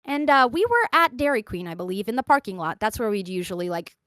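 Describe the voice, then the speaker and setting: A woman's voice: medium pitch, quick pace, no room sound. A young woman hosting a podcast, telling stories in casual chat and acting out what other people said. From grew up in Qatar and the American South. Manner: animated storyteller, acting out quoted voices. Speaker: podcast host.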